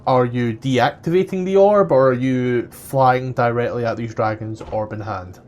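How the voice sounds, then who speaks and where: A man running a tabletop game as game master, explaining rules in a relaxed way. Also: medium pitch, normal speed, dull audio.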